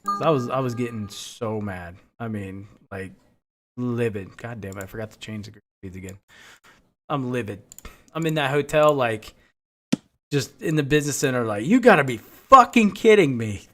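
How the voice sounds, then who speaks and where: A man's voice: medium pitch, normal speed, slight background noise. A man streaming a game, chatting casually and telling rambling stories full of profanity. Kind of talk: casual chat while playing.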